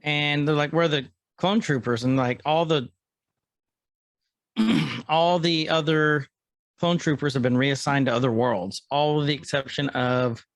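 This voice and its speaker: A man's voice: fairly high pitch, measured pace, dry recording. A man co-hosting a podcast, casually retelling episode scenes and quoting the characters. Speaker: podcast co-host.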